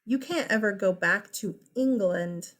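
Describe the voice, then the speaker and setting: A woman teaching a class in a loose, conversational way. Her voice sits at an ordinary pitch, and she drops in teasing asides to the students as she goes. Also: measured pace. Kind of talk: casual classroom lecture.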